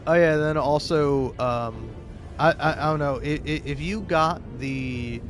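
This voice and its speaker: Over game music, a young man with a fairly high voice plays a game and comments on it at a measured pace. He is a YouTuber doing gameplay commentary, rambling casually with many restarts and some swearing.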